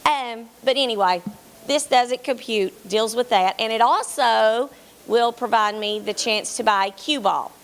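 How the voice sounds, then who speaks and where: A female teacher, giving a hurried, earnest pitch full of um fillers. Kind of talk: grant pitch presentation.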